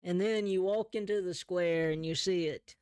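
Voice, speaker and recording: A man narrating a tabletop role-play game as game master, in a relaxed, chuckling way. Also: high voice, moderate pace, clean tone, no room sound.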